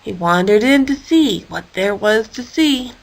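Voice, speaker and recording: A woman reading a children's story aloud in an expressive, playful way. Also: mid-range voice, measured pace, vocal fry, rough recording. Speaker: storybook reader.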